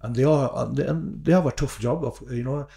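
A man's voice: medium pitch, fairly quick, vocal fry, mellow. A man, guest on a podcast, talking earnestly with many fillers and repeated words. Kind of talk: casual podcast conversation.

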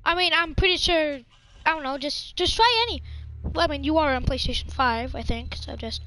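A woman's voice: sits high, fairly quick, sharp tone. A young woman chatting casually while playing a horror game, jumpy and slangy, shrieking when scared. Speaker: gamer. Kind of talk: casual gaming chat.

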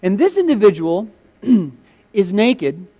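High-voiced man preaching with playful energy. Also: takes it slowly, highs cut off. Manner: animated, humorous storytelling with frequent laughs; acts out biblical scenes with sudden shouted quotes. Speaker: pastor. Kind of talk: sermon.

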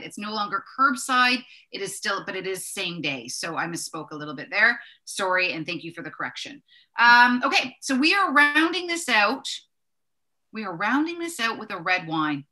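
A woman's voice: mid-range voice, bright, forceful tone. A woman co-hosting a wine tasting, chatty and enthusiastic, correcting herself as she goes. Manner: chatty, self-correcting, enthusiastic about labels. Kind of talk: casual tasting chat.

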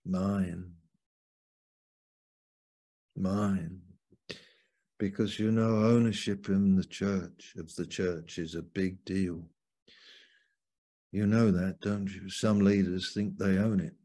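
A man preaching as a Bible teacher over a video call, slow and fervent, leaning hard on key words. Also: deep voice, fairly even intonation, warm tone.

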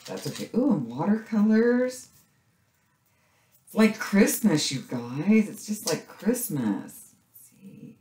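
A middle-aged woman chatting casually as she unboxes craft supplies, gushing excitedly with little gasps and cries of delight. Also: medium pitch, takes it slowly, pauses often. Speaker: craft vlogger unboxing a subscription box. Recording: echoey room with faint noise.

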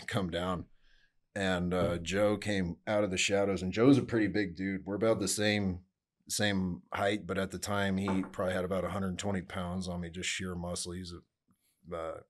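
A relaxed man, his voice sitting low, tells rambling stories in easy casual chat. He swears freely and acts out what people said. A guest musician sharing wild memories. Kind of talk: casual storytelling.

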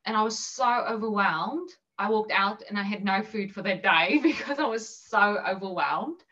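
A woman's voice: medium pitch, normal speed, fairly bright tone, recorded from a distance, lo-fi sound. A woman from South Africa with an Afrikaans-tinged accent, chatting casually as an interview guest with lots of ums and little laughs. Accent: Afrikaans-influenced South African English. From South Africa, Bloemfontein. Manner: chatty and self-deprecating, many ums and laughs.

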